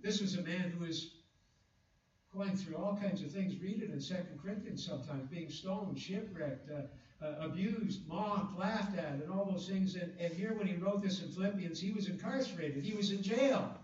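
A man preaching a sermon, reading scripture slowly and with emphasis, with fillers and restarts. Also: sits high, darkish tone, slight background noise. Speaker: pastor. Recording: echoey, distant, dull room recording.

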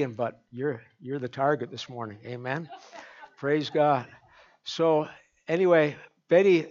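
A man's voice: fairly high pitch, dull audio. A man from Canada preaching a folksy sermon, chatty and joking with the congregation. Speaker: pastor.

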